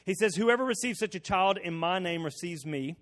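High-voiced preacher in an echoing hall. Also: male voice, lively intonation, brisk. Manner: preaching with sudden loud emphatic swells. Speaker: pastor. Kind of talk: sermon.

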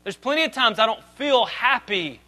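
Pastor guy in his 30s preaching, pretty high voice, bright and ringing, gets loud then drops quiet. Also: normal speed, rough recording. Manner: lively preaching, swings between loud emphasis and soft asides. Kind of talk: sermon.

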